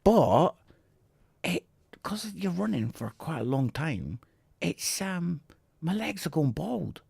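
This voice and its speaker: A man's voice: fairly high pitch, big pitch swings, slow pace, gravelly, darkish tone, slightly rough, no room sound. A middle-aged man, co-hosting a casual podcast with his son, laughing often and poking fun at himself. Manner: giggly, self-mocking storyteller. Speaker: podcast co-host, father. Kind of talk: casual chat.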